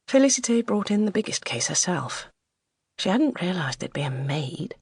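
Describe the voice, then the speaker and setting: A British woman narrating an audiobook in a measured, even manner. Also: on the low side, husky, dry recording, studio quality. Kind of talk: scripted narration.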